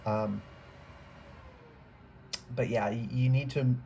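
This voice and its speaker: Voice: medium pitch, steady tone, slow pace, creaky, mellow. A tarot reader giving a casual, rambling reading to camera indoors, often trailing off, restarting and becoming emotional. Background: faint computer fan hum.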